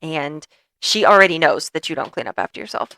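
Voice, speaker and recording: A woman's voice: low-pitched, sing-song, brisk, gravelly, pushed and bright, no echo. A young woman co-hosting a podcast in casual chat, playful and teasing as she tells stories. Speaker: podcast co-host.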